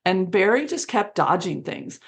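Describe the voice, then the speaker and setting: A woman sits as a guest in an interview and tells a long story in an animated way. She speaks at a middle pitch and slips into the voices of the people she quotes. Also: measured pace, gravelly. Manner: animated, acts out quoted dialogue with laughs.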